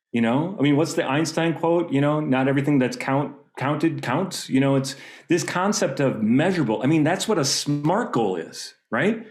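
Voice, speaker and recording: A fired-up man telling a story on a panel, animated as he speaks as a music teacher. His mid-pitched voice carries a roomy echo over a video call.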